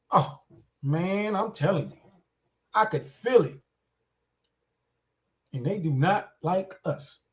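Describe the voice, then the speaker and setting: A man's voice: sits high, expressive, unhurried, pauses often. A man giving casual reaction commentary on a clip, indignant and repetitive, talking straight to his viewers.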